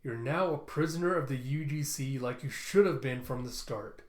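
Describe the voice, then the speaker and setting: A man's voice: mid-range voice, normal speed, echoey room, lightly acted. A man voicing a stern young woman who speaks in a cold, firm way.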